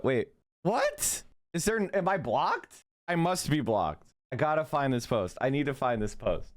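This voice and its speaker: A man's voice: medium pitch, big pitch swings, measured pace. A man hosting a casual livestream, reacting to clips with profane, heated, mocking rants. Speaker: streamer host.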